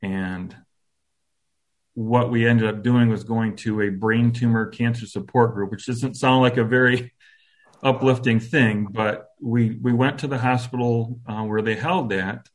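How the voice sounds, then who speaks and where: A man in his fifties telling a personal story as an interview guest, reflective and halting, with soft self-deprecating humor. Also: medium pitch, steady tone.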